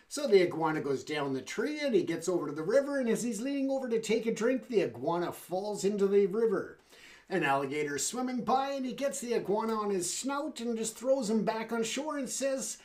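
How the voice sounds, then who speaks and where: A man's voice: high-pitched, sing-song, moderate pace, a little mellow. A man hosting a talk show, speaking conversationally with fillers and friendly asides to the audience. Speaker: show host. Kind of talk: casual talk show monologue.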